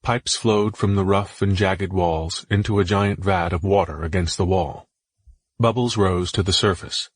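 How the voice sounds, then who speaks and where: Brief: male narrator, low husky voice, measured and solemn, dry close mic. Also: fairly even intonation, no room sound. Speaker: audiobook narrator. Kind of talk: scripted audiobook narration.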